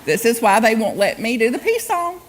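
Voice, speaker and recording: A woman's voice: a little high, sing-song, normal speed, background noise. A woman guest speaker giving a humorous spiritual sermon in a church, acting out quotes and laughing often. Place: church sanctuary.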